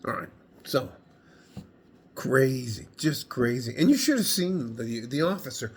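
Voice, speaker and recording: A man's voice: mid-range voice, animated, unhurried, breathy edge. A man telling a story to the camera in a rambling, casual way, laughing often and swearing now and then. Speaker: vlogger.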